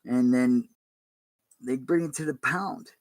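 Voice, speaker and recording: A man's voice: mid-range voice, dry recording. Rambling man, dry close sound. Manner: rambling, halting, informal. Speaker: pastor. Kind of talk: casual livestream talk.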